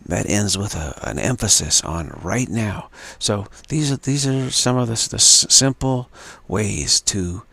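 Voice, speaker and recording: Guy with a gravelly, husky low voice doing a slow spiritual talk, lots of uhs and restarts, dry close sound. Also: expressive, sharp tone, no echo. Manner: slow, halting, repeats words with many fillers. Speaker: spiritual teacher.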